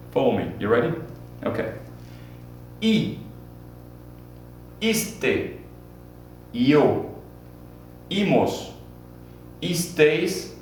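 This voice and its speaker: A man teaching a Spanish grammar lesson at the board, repeating key points and drilling forms for students to repeat. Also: medium pitch. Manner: repetitive, drills students with call-and-response. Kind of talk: classroom lesson at a whiteboard. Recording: very echoey room, distant mic, faint hum.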